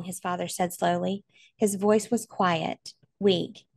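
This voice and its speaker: A woman's voice: on the low side, fairly even intonation, slow pace, creaky, no room sound. A woman narrating a novel aloud in an earnest, emotional way. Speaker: audiobook reader.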